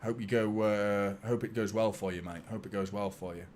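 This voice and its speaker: A man's voice: on the low side, normal speed, a little hiss or hum. A man hosting a live football watchalong, reacting to the match, swearing and joking with his chat. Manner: excitable, swears, jokes with chat. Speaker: watchalong host.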